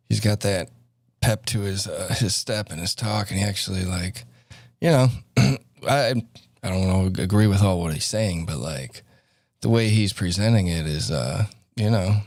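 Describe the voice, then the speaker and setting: A man's voice: lowish voice, a little mellow, no room sound, studio quality. A man hosting a stream in casual commentary, rambling with lots of fillers and restarts. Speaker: stream host.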